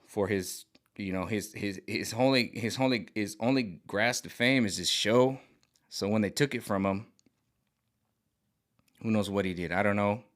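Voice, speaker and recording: A middle-aged man with a somewhat low voice talks to camera on his own. He rambles, repeats phrases and restarts sentences, and he sounds agitated and worked up. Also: moderate pace. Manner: mimics other voices sarcastically. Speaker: vlogger. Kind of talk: rambling monologue.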